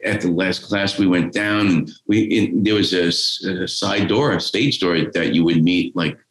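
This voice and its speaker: A man's voice: deep voice, moderate pace. A man, telling a rambling, profane story as a podcast guest. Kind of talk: casual storytelling. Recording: roomy echo.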